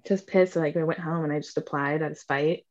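Animated young woman telling a story. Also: deep voice, a little fast, lo-fi sound. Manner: animated, acts out quotes, swears, says "like" often. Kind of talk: casual storytelling chat.

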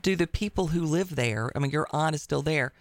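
A woman's voice: deep voice, fairly quick, no echo. A woman hosting a talk radio show who speaks in a blunt, emphatic, wry way. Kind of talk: opinionated talk radio chat.

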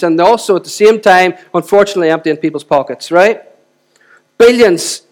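A male lead pastor, preaching a sermon in a conversational way, often restarting and repeating words. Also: high voice.

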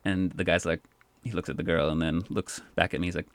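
A man with a lowish voice tells a long anecdote in an easy, chatty way. His speech is full of "like" and quick restarts, and the sound is dry and close with no room in it. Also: no room sound. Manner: animated, says "like" often. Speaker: park poet, guest. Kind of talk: casual storytelling.

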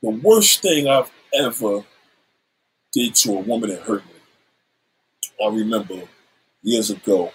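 A man's voice: fairly low pitch, lively intonation, unhurried, pauses often, a little hiss or hum, poor audio. A middle-aged man candidly telling a story from his past, swearing freely and acting out the lines he quotes. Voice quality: husky.

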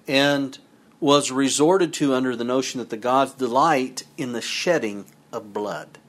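A man giving a sermon, reading scripture passages aloud and then explaining them in a conversational way with asides to his listeners. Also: medium pitch. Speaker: preacher.

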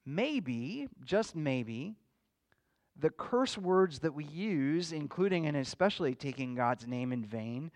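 A male pastor preaching a sermon in an earnest, measured teaching manner, asking his listeners questions. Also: fairly high pitch.

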